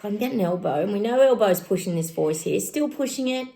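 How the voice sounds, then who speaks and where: A woman's voice: mid-range voice, lively intonation, brisk, warm tone. A middle-aged woman casually giving psychic readings to her viewers, chatty and exclaiming as she talks straight to them. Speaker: psychic channel host.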